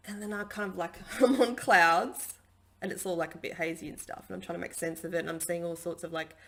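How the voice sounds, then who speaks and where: Low gravelly-voiced woman. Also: steady tone, a little fast, fairly bright tone. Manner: chatty and rambling, with many fillers. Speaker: spiritual healer and channelling teacher. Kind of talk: casual spiritual guidance talk. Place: home, at a dining table.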